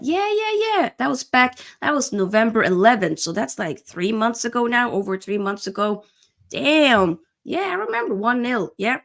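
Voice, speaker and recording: A young woman hosts a casual football live stream. She talks in an animated, chatty way and greets her viewers by name. Her voice sits a little high and carries a gravelly fry.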